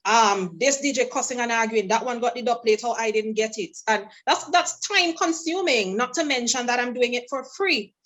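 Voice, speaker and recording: A woman's voice: on the high side, moderate pace, few pauses, poor audio. A woman from St. Vincent and the Grenadines, a guest singer telling stories in a casual interview and acting out what others said. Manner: animated storyteller, acts out quoted dialogue.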